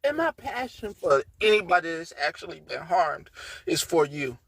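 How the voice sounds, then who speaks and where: A woman hosting a livestream, ranting with heavy profanity and swinging between low, muttered lines and shouted outrage. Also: sing-song, moderate pace, creaky, slightly rough, dry recording. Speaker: livestream host. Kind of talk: heated livestream rant.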